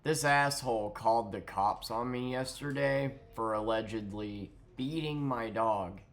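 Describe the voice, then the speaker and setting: A man's voice: mid-range voice, unhurried. A young man ranting sarcastically about a neighbor, swearing freely. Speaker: vlogger. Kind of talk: ranting storytime.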